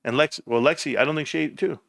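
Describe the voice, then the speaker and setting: A man hosting a casual livestream from home, talking in an animated, rambling way with casual swearing. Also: a little high, fast, gravelly, no room sound, studio quality. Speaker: livestream host.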